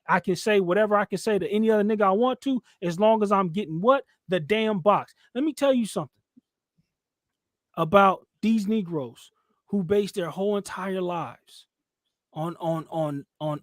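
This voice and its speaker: A man hosting a podcast channel delivers heated commentary in a high speaking voice at a normal speed. He preaches and lectures with heavy emphasis, mocking people in squeaky put-on voices. The sound is close and dry, with no room sound.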